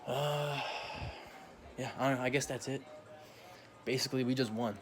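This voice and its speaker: A man's voice: medium pitch, steady tone, normal speed, music in the background. A young man vlogging a casual, profane rant full of slang, often laughing as he talks.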